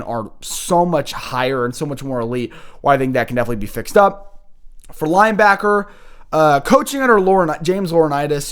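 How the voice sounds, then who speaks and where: A young man talks through college football analysis in a loose, unscripted way, often stopping to restart or correct himself mid-sentence. His voice sits a little higher than most men's. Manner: rambling, frequent restarts and self-corrections. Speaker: college football show host. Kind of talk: casual sports analysis.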